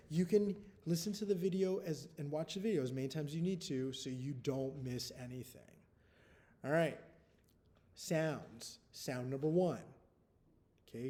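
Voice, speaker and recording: A man's voice: fairly high pitch, dark tone. A male first-grade teacher giving a recorded spelling test to young children, patient, often checking in with "okay?" after each step.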